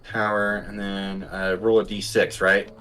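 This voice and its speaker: A man's voice: on the low side, little pitch movement, measured pace, a bit bright, faint music behind, rough recording. A man playing a tabletop game, hesitant and playful, full of fillers as he describes his moves. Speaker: player. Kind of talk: casual tabletop play.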